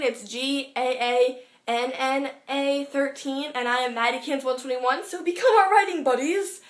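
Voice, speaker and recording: A teenage girl gushes about a book in a high, bright voice, rambling from one excited aside to the next. The room is roomy and echoey around her. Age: teens. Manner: gushing, rambling, quick asides. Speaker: book vlogger. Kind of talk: excited book review vlog. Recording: roomy echo.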